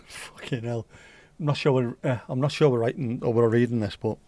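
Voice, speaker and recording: A man's voice: mid-range voice, moderate pace, darkish tone, no room sound. A man with a mild Scouse accent hosting a casual livestream chat, joking and rambling cheekily. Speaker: livestream host.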